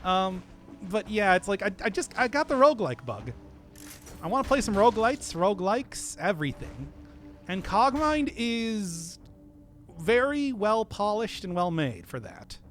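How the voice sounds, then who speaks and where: Midwest guy streaming games, high voice, super lively up and down, rambly and laughy, talking to chat. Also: measured pace, faint music behind. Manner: rambling, animated, chuckles often, talks to chat. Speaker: game streamer. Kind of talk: casual stream chat while playing.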